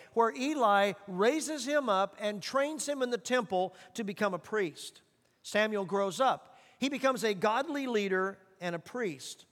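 A man with a high, light voice delivers an earnest sermon, slowing down when he reads scripture aloud. His words ring out with a long reverb through a church sanctuary. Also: fairly bright tone. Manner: earnest, slows for scripture and repeats for emphasis. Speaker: pastor.

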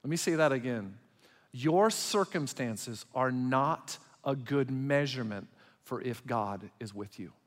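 A man preaching a sermon as pastor, swinging between loud emphatic passages and quiet, intimate ones. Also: medium pitch, expressive, unhurried. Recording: long hall reverb.

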